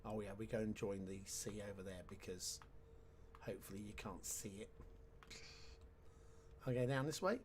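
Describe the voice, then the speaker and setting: A man's voice: fairly low pitch, moderate pace, pauses often, a little hiss or hum. A man giving casual let's-play commentary, chatty and wry with sarcastic asides. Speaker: game commentator.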